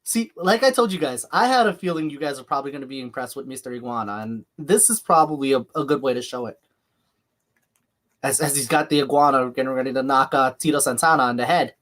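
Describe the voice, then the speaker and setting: A man with a slight lisp hosts a live watch-along stream. He talks in a chatty, easygoing way, jumping between calling the action and answering viewer comments. His voice sits at an ordinary middle pitch. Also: fast, a bit bright. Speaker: livestream host.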